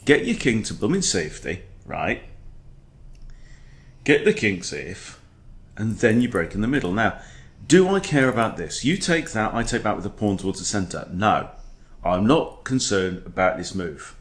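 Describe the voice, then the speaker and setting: Walking through a chess game as a coach, this man keeps things playful and chatty, slipping in goofy impressions along the way. His fairly low voice is very animated, moving at a moderate pace.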